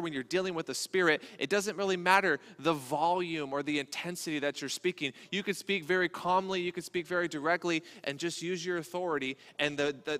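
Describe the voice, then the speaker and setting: Bright-voiced pastor preaching in a reverberant hall. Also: male voice, high-pitched. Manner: conversational, joking asides, acts out quoted voices. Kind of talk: sermon. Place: church sanctuary.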